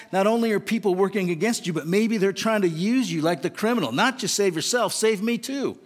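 A man with a high voice preaches a sermon, earnest and conversational, asking his listeners questions as he goes. His words ring out with a long echo around a large church hall. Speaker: pastor.

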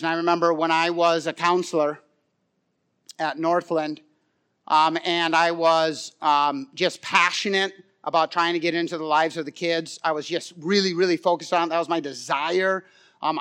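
High-voiced animated man preaching. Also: clean tone. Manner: animated storyteller, swings from loud excitement to quiet pleading. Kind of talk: sermon with personal story.

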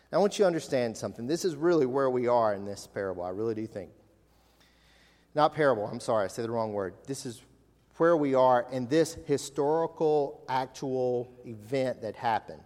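A male pastor preaching an animated sermon, asking the congregation questions. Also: mid-range voice, moderate pace. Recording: long reverb of a large hall.

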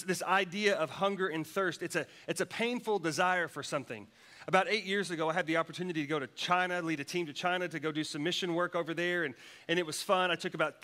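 A man's voice: on the high side, pushed and bright. A man preaching a sermon, telling a personal story with many restarts and repeated words. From United States. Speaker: pastor.

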